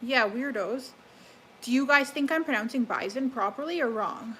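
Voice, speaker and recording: A young woman from Alberta with a Canadian accent, chatting to her live-stream viewers from home. Her voice sits a little high, and she rambles with fillers and restarts. Faint room ambience hums under the talk. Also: moderate pace, fairly bright tone, slight background noise, low-quality recording. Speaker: livestreamer. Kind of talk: casual live-stream chat. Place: home kitchen, cooking.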